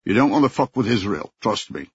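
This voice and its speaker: A man voicing a cool, worldly male captor who speaks in a calm, lecturing way, in an audiobook. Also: lowish voice, fairly quick, breathy edge, dry recording, full character voice. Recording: dull lo-fi recording.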